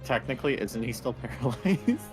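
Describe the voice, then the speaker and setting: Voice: medium pitch, expressive, fairly quick, soft background music. A player in a tabletop game, chatting and teasing the others. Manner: teasing, joking. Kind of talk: casual game chat.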